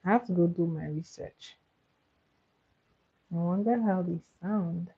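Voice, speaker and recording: A woman hosts a relaxed live stream and answers her viewers' comments, laughing often. She talks slowly in a husky voice. The sound is thin and tinny, like a phone call. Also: on the low side. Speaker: livestream host. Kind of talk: casual live-stream chat.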